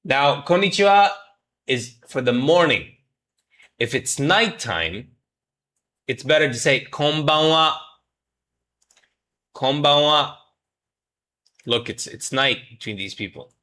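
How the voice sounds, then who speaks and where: Man, medium pitch, forceful bright tone; playful stream teacher drilling phrases. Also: animated, slow, pauses often. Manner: jokey, mock-scolds chat, drills pronunciation. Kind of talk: playful livestream lesson.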